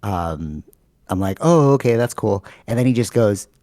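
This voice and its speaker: A man with a low, mellow voice and a Canadian accent, chatting casually on a podcast. He tells his stories with animated energy and fills them with "like" and "you know." The sound is dry, as if close to the mic. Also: normal speed, dry recording. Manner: animated storytelling, many fillers. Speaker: podcast host. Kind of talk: casual chat.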